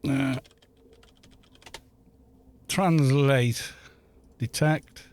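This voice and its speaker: A man's voice: mid-range voice, fairly even intonation, extremely slow, darkish tone. A man from Wales chatting casually on a gaming live stream, rambling, laughing often and swearing at the game.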